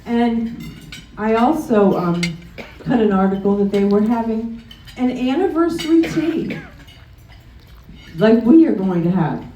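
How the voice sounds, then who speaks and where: A woman's voice: on the high side, lively intonation, measured pace, long pauses, dark tone. A middle-aged woman giving a personal presentation at a chapter meeting, hesitant, with frequent ums and restarts. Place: meeting room during a luncheon. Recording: roomy sound from a distant mic.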